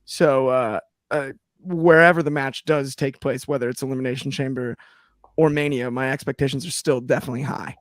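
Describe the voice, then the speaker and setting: A man's voice: medium pitch, fairly even intonation, brisk, no room sound, studio quality. A man co-hosting a wrestling chat show, talking with enthusiasm and rambling in a loose, casual way. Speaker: podcast co-host.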